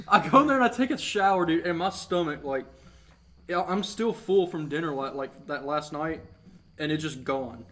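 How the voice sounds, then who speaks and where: A young man co-hosting a casual podcast, telling a crude story in an animated way and laughing as he talks. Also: fairly high pitch, moderate pace. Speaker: podcast co-host. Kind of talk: casual chat. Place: outdoors.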